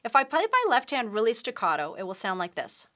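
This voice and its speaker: A woman's voice: medium pitch, very animated, brisk, sharp tone. A woman piano teacher giving a patient, step-by-step tutorial, explaining techniques while she demonstrates at the keyboard. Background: piano playing.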